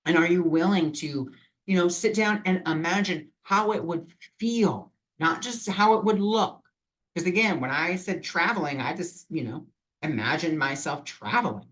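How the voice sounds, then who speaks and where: A man's voice: fairly high pitch, expressive, normal speed, a bit bright, rough recording. Rambling, earnest man vlogging. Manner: rambling, full of "you know" fillers; earnest and encouraging. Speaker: vlogger and spiritual reader. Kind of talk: casual motivational talk.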